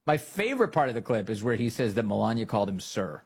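Male talk host, husky voice, sarcastic and lively, quick laughs, squeaky asides. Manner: mocking, animated, laughs often, high-pitched jabs. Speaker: podcast host. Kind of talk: political commentary show.

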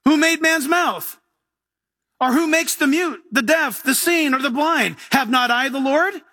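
A preacher voicing God, firm and commanding. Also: male voice, very high voice, unhurried, bright, forceful tone, dry recording, clean studio sound, full character voice. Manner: emphatic, insistent commands.

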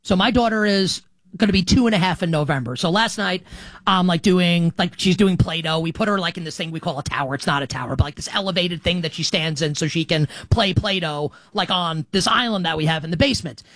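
A man's voice: high voice, a little fast, a bit bright, no room sound. Chatty man hosting a sports show. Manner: chatty, restarts often, many likes. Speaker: sports podcast host. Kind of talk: casual chat.

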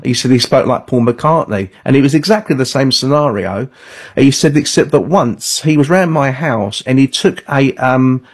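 A man's voice: medium pitch, husky. Male author on a call-in show, mid-range voice, earnest and anecdotal. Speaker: author and radio guest. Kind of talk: call-in radio interview.

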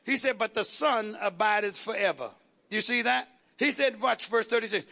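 A man preaching a call-and-response sermon, building rhythmic repeated lines into shouted refrains. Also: high-pitched, moderate pace, gravelly.

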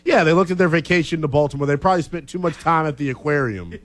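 A man's voice: fairly high pitch, fast. A man co-hosting a sports radio show, teasing his partner in a playful way. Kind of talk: casual sports talk.

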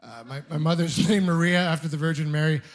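High-voiced man doing stand-up. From Ontario, Canada. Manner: deadpan storytelling with quick voiced asides. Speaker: stand-up comedian. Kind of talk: stand-up comedy set. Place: comedy club stage with a live audience laughing.

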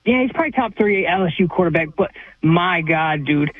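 A male caller whose voice is fairly high, heard through a thin, dry telephone line. He is brusque and dismissive as he makes his case. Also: lively intonation, brisk, dry recording. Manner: blunt, dismissive. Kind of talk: call-in sports talk radio. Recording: tinny phone line, dry.

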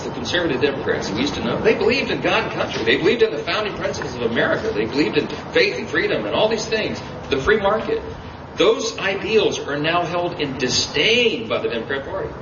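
A man's voice: a little high, brisk. A man giving an emphatic campaign stump speech at a political rally. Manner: emphatic, animated rally speaking. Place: campaign event. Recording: roomy, distant, dull, noisy rally audio.

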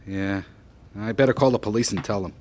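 A man's voice: lowish voice, brisk, darkish tone, lightly acted. An actor in a radio drama playing a man who narrates his own life story and speaks hesitantly, as though troubled.

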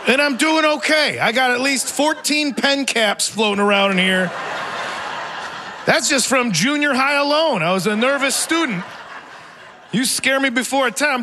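High, bright-voiced man in his forties doing stand-up. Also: slight background noise. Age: 40s. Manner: rambling, self-mocking, laughs through lines. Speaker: stand-up comedian. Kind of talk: live stand-up set. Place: theater stage before a live audience.

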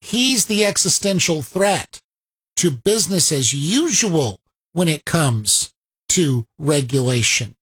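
Husky-voiced, sarcastic political commentator. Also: mid-range voice, animated, takes it slowly. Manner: rhetorical questions, sarcastic quoting of opponents. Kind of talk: opinionated commentary on a played clip.

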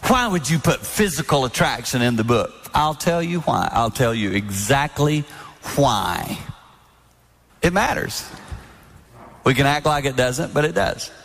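Older man, 60s, mid-pitched, animated sermon storyteller, big hall reverb. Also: a little slow, gravelly. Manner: animated storytelling with mimicked voices. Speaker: speaker at a marriage event. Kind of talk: sermon-style talk on marriage.

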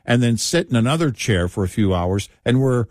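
A man talking casually, his pitch jumping around as he gets animated telling an everyday story. He adds wry asides, and the voice sits dry and close to the mic. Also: brisk, dry recording. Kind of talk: casual chat.

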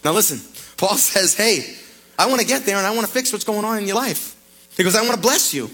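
A man pastor preaching an animated radio sermon, retelling scripture in lively paraphrase. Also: high voice, brisk, breathy edge, rough recording.

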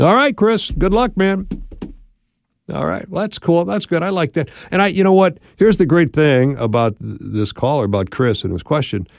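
A man's voice: a little high, normal speed, vocal fry, dry recording. A man hosting a radio call-in show and giving folksy, friendly relationship advice from the studio. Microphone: studio mic.

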